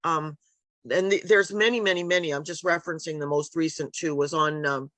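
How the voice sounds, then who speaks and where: A woman's voice: low-pitched, steady tone, brisk, a bit bright, dry recording. Rambling woman author on a video call. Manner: meandering, hesitant, many ums and restarts. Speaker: author and interview guest. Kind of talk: casual conversational interview.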